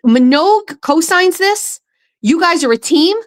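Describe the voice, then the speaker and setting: A woman's voice: extremely high pitch, expressive, measured pace. A woman hosting her own show, ranting angrily and with profanity about a political campaign from a home setup. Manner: angry, profane, heated ranting. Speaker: host.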